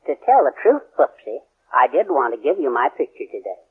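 A man's voice: medium pitch, sing-song, a little fast, slightly rough. An actor playing a meek, hesitant middle-aged father in a 1940s radio sitcom. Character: meek bumbling father of the family. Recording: tinny old radio broadcast.

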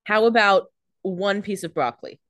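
A woman's voice: medium pitch, normal speed, a bit bright, dry recording, clean studio sound. A woman co-hosting a podcast, making playful, jokey asides in casual chat. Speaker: podcast co-host.

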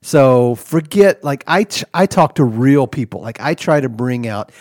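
A man's voice: mid-range voice, expressive, a little slow, darkish tone, no room sound, clean studio sound. A man hosting an improvised comedy podcast, ranting indignantly and sputtering through restarts. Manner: indignant, sputtering, rambling rants. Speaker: podcast host.

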